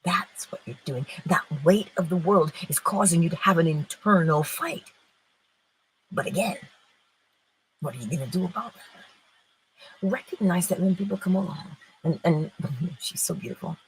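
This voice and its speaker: A middle-aged woman giving an inspirational spiritual talk, expressive, moving between loud and hushed phrases. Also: lowish voice, moderate pace, long pauses, slight background noise, rough recording. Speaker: spiritual teacher.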